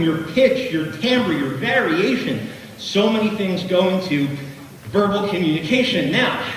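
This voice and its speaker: A middle-aged man delivers a motivational keynote, animated and joking, calling out to the audience as he goes. His voice sits a little high for a man. He is picked up from well back in a large hall, with a long, heavy echo and a faint hum of room noise behind him. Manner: animated, jokey, talks directly to the crowd. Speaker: keynote speaker. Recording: echoey hall from far off.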